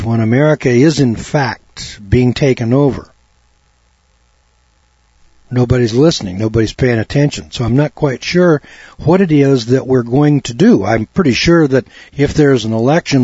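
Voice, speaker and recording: A middle-aged man speaks a talk radio monologue in a folksy, sarcastic tone, firing off rhetorical questions. His voice is a little husky. The recording is dull and lo-fi with a dry, close sound. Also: mid-range voice, dark tone, no echo.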